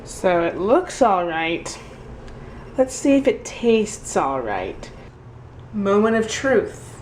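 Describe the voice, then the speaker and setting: Woman, casual home vlog, unhurried, rambling, echoey kitchen, faint background hiss. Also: medium pitch, big pitch swings, a little mellow. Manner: rambling and self-deprecating, with many fillers. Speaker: daily vlogger. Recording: echoey room with faint noise.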